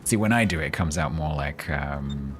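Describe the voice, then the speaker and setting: Extremely low in pitch and at normal speed, this Londoner's voice comes with slight background noise. He's streaming a game live, chatting casually with viewers in his London accent and reacting sarcastically.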